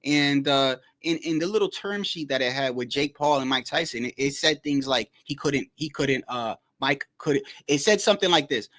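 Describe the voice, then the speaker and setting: A man hosting his own boxing channel, talking in a loose, animated rant that stumbles, repeats itself and swears. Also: medium pitch, moderate pace, few pauses. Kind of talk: casual commentary.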